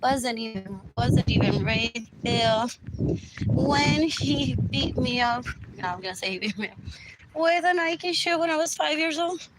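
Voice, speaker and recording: A woman hosting a live stream, rambling on in a monologue, repeating herself, dropping in Spanish words and now and then breaking into shouts. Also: high-pitched, unhurried. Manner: repetitive, keeps asking "what else?", bursts into shouts. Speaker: livestream host. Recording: loud background noise.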